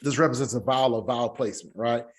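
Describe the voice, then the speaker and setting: A man teaching an online Hebrew class. He talks haltingly, with many fillers, and spells sounds out slowly. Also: medium pitch.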